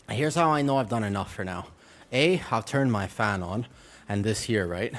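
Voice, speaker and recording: A man's voice: fairly low pitch, lively intonation, a little slow, a bit bright, faint music behind. A young man streaming a game, slightly out of breath from exercise and joking casually with his viewers. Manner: joking, chatty, talks to viewers. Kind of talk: casual live-stream chat. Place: home room with a fan.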